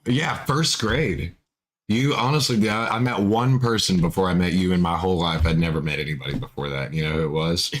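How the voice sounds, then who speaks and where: Man, guest musician on a livestream, from Arkansas, rambling jokey stories, lowish voice. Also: a little fast. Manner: rambling jokey storytelling, many restarts. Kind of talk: casual livestream chat.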